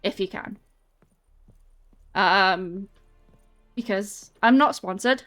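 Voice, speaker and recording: A woman's voice: medium pitch, very slow, fairly bright tone, soft background music. An English woman streamer chatting casually with her viewers and answering chat while walking on a treadmill. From England. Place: home, on a treadmill.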